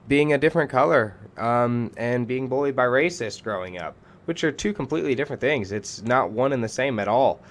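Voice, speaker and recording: A man giving casual video commentary, frequently pausing with "um". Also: mid-range voice, slight background noise. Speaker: commentary youtuber.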